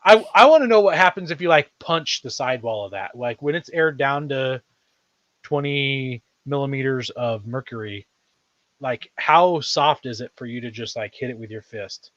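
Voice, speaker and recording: A man's voice: medium pitch, animated, normal speed, fairly bright tone, dry recording, lo-fi sound. Casual man hosting a podcast. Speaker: podcast host. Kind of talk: casual chat.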